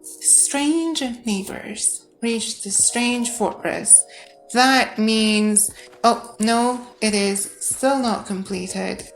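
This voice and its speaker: A woman gamer with a slightly high voice draws out her words in let's-play commentary over faint background music. She thinks aloud as she plays, reading on-screen text and correcting herself.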